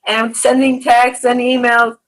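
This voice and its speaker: A woman's voice: a little high, little pitch movement, unhurried, a bit bright, poor audio. A woman hosting an interview, telling a story earnestly and with animation, acting out what others said. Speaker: podcast host. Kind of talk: emotional interview conversation.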